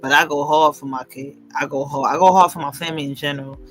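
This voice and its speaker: Animated, bright-voiced woman host. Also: low voice, fast talker. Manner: emphatic, profane, animated storytelling. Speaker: livestream host. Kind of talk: casual chat.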